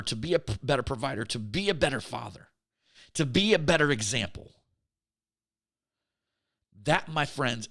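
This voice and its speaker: A man's voice: medium pitch, a bit bright. A man giving a motivational faith talk on relationships, emphatic and repetitive, often calling his listeners his friends. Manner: emphatic, repeats words, addresses listeners as friends. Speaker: relationship speaker.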